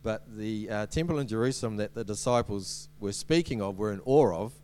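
A man's voice: lowish voice, a little fast, a little mellow, smooth. A man giving a sermon as a preacher, in a conversational way with many ums and restarts and light humorous asides.

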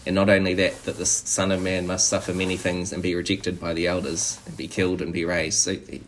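Casting: man, low-pitched voice, preacher, conversational sermon with easy restarts. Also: completely flat delivery, a little fast, a little hiss or hum. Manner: conversational, frequent "you know" and restarts.

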